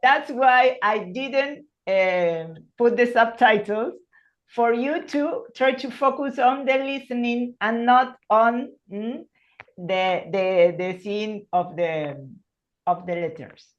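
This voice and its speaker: A woman whose first language is Spanish teaching an English class on a video call, speaking slowly and hesitantly. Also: on the high side, lo-fi sound. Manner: slow, hesitant, searching for words. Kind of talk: online class.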